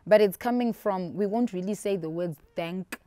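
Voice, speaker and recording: A woman's voice: mid-range voice, fairly quick, mellow, no echo. A woman hosting a TV talk show, chatty and playful, laughing easily with her co-hosts.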